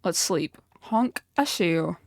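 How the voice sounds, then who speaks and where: A young woman streaming a game, chatting casually and excitably, often ranting and laughing. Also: fairly low pitch, takes it slowly, no echo, studio quality. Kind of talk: casual live-stream chat while playing.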